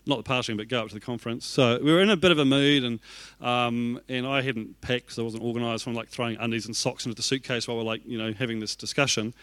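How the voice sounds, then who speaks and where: A man's voice: medium pitch, steady tone, fast talker, a bit bright, no room sound. A man, an executive pastor telling a self-deprecating story in a sermon and acting out his own reactions.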